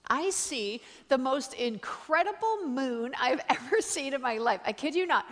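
A Canadian woman preaching as a guest speaker, telling stories in an animated, chatty way with lots of fillers and acted-out quotes. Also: moderate pace, few pauses. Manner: animated, chatty, full of "like" and "uh", acts out quotes in higher voice. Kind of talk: storytelling sermon. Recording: long reverb of a large hall.

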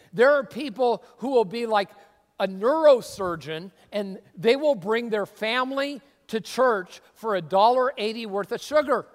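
Emphatic pastor, high voice, reverberant hall. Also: male voice. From Seattle area. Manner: conversational, emphatic preaching with sudden bursts of excitement. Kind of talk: sermon. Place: church sanctuary. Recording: long reverb of a church hall.

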